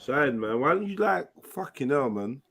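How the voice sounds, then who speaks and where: A man's voice: mid-range voice, very animated, normal speed, vocal fry, fairly bright tone. A man in casual chat, pressing someone hard with confrontational questions.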